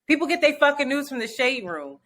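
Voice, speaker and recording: A woman co-hosting a casual podcast chat, animated and cursing freely, slipping into quoted voices. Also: sits high, fairly quick, slight background noise. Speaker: podcast co-host.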